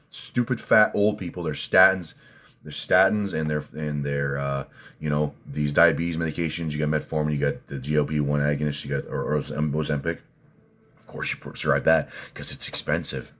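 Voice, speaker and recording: Man, extremely low voice, profane, angry rant, reads viewer comments, loud outbursts then mutters. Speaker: fitness vlogger reading viewer comments. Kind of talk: profane ranting livestream chat.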